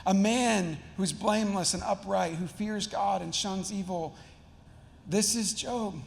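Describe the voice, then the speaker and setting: A male pastor with a high, gravelly voice, preaching in a relaxed and slangy manner. His words ring out with a long church reverb. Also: unhurried. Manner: casual, slangy, conversational. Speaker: teaching pastor. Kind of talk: sermon. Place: church sanctuary.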